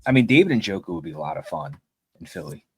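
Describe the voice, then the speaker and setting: A man's voice: deep voice, big pitch swings, fast, slightly rough. A man co-hosting a sports podcast, teasing his co-hosts in a wry, casual way. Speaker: podcast co-host.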